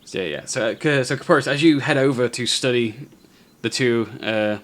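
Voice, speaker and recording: Bright-voiced male game master. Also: mid-range voice, normal speed. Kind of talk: narrating a tabletop game.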